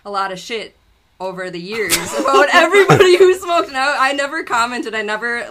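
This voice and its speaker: A woman in her thirties telling a story in casual chat, animated and laughing, acting out the voices of the people she quotes. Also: a little high, a little fast, crowd noise. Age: 30s. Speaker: podcast guest.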